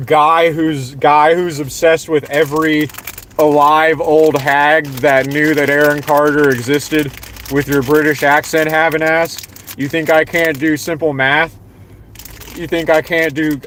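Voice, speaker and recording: Streamer type: young Southern man from Florida, mocking and sarcastic, slightly high voice, repeats lines for effect. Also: a bit bright. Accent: Southern American. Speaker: livestream host. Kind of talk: ranting livestream monologue.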